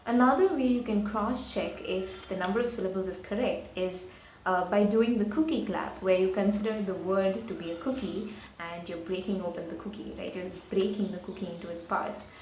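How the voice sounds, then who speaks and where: A woman's voice: medium pitch, normal speed, darkish tone. A woman teacher giving a spelling lesson for children, patiently explaining and sounding out words syllable by syllable. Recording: echoey room with faint noise.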